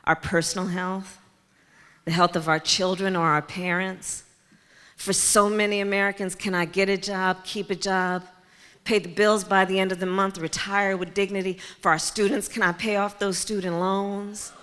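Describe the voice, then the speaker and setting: Giving a rhetorical campaign speech laced with repeated key phrases, a woman political candidate addresses a crowd in a large community center hall. Her mid-range voice is a bit bright and clean, with little pitch movement and normal speed. The hall is reverberant and a faint crowd can be heard.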